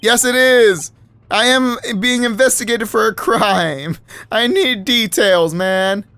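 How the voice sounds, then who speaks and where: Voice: mid-range voice, big pitch swings, brisk, no room sound, pitched above the performer's own voice. A let's-play gamer voicing an earnest young man accused of a crime who presses others insistently for answers. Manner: insistent, raised. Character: young male defendant, earnest and pushy.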